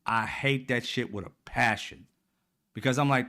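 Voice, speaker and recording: Dude ranting politics on his channel, swearing a lot, exasperated and mocking, gets loud then drops way low. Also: a little fast. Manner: swings from loud and high to low and quiet. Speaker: political commentary host. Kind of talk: casual ranting commentary.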